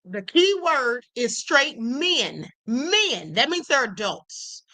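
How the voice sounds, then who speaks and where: A woman's voice: high voice, sing-song, takes it slowly, pushed and bright. A woman hosting a reaction commentary livestream, sassy, asking her viewers rhetorical questions again and again. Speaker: host.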